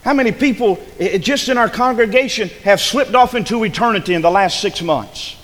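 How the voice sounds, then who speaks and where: A man preaching a sermon to his congregation, swinging from loud shouts down to hushed, low pleading. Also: lively intonation, a little fast, long reverb tail. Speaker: pastor. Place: church sanctuary.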